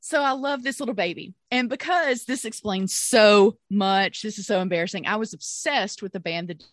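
A woman's voice: mid-range voice, moderate pace, dry recording. A woman, co-hosting a podcast and telling a story in casual chat, laughing often and acting out what she and others said. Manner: animated, laughing storyteller who acts out her own quotes. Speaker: podcast co-host.

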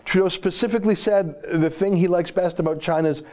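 A man's voice: high-pitched, fairly even intonation, a little fast, a little mellow. A man hosting an opinionated political monologue, talking in a sarcastic, mocking and emphatic way. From Canada. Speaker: political commentator host.

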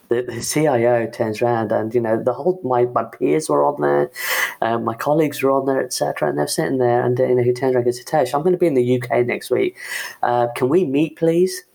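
Gravelly-voiced man telling a halting story. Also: mid-range voice, darkish tone. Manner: halting, heavy on "you know" and "um" fillers. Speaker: IT manager. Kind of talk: personal story talk.

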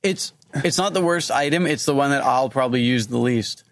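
A man's voice: medium pitch, fairly quick, fairly bright tone, no room sound. A man co-hosting a podcast in casual chat, playful and teasing. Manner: playful, teasing, talks while eating. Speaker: podcast co-host.

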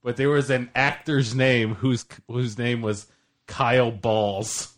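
A man co-hosting a podcast in casual chat, telling absurd tales in a deadpan way. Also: mid-range voice, takes it slowly. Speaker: podcast co-host.

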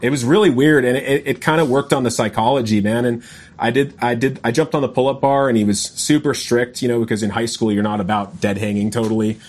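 A man's voice: medium pitch, steady tone, fast, darkish tone. A man telling a long personal story in a casual podcast chat, rambling and often saying "man" and "you know". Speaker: guest.

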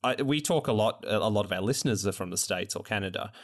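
A man's voice: on the low side, lively intonation, quick pace. A man hosting a casual podcast chat, rambling with frequent restarts and fillers. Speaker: podcast host.

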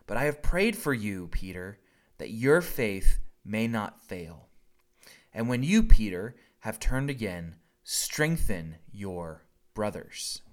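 A man putting on a slow Southern US accent to voice Jesus, drawing out a solemn warning. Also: lowish voice, sing-song.

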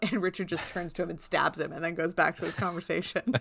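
A woman's voice: fairly low pitch, fast talker, creaky, few pauses, no room sound. A woman co-hosting a podcast in casual chat, telling stories and acting out quoted lines. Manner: animated storyteller, acts out quoted lines. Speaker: podcast co-host.

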